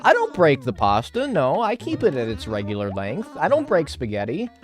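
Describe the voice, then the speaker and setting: A man's voice: medium pitch, huge pitch swings, normal speed. A man streaming a game, reading chat aloud and riffing on it with casual swearing.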